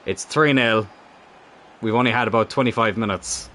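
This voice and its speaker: A man's voice: fairly low pitch, normal speed, fairly bright tone, slight background noise. Swearing man commentating his game. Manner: frustrated, swearing, talks to the players on screen. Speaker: gaming YouTuber playing a football career mode. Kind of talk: live gameplay commentary.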